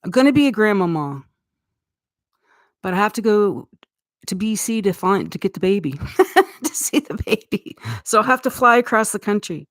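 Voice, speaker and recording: A middle-aged Canadian woman rambles through a casual live-stream chat, laughing easily as she goes. Her voice sits at an ordinary middle pitch for a woman. It is recorded dry and close, with no room sound around it. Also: expressive, moderate pace, pauses often, no echo. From Eastern Canada. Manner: rambling, chatty, laughs often. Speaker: livestream host.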